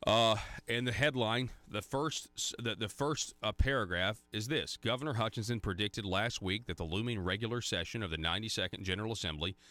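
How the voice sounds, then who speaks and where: A very low-voiced man hosts a talk radio show, firing off rhetorical questions with a sarcastic edge. The sound is dry and close. Off script he stumbles and restarts. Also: fairly quick, few pauses, pushed and bright, dry recording. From Arkansas. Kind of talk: conservative talk radio commentary.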